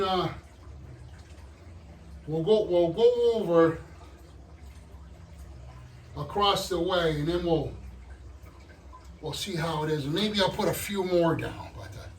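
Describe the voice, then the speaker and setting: A man vlogging his hobby build, out of breath, talking to viewers in halting, trailing commentary as he works. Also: sits high, far from the mic. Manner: halting, muttering to himself, trailing off. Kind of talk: casual running commentary while working. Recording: roomy, off-mic, faint background noise.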